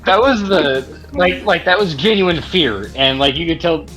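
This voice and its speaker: A man's voice: a little high, unhurried, soft background music, rough recording. Laughing young man telling stories on a podcast. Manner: laughs a lot, animated when retelling stories. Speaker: podcast co-host. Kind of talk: casual podcast chat.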